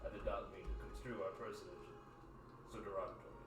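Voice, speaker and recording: Man doing a soft, formal gentle man. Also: sits low, little pitch movement, brisk, natural voice. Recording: roomy distant mic with music.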